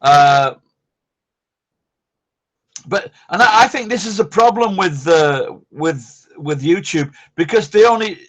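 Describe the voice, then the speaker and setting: Give me a high-pitched man in his fifties, rambling and profane as he answers his live-stream chat. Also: lively intonation, slow pace, long pauses. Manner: rambling, blunt and heavily profane.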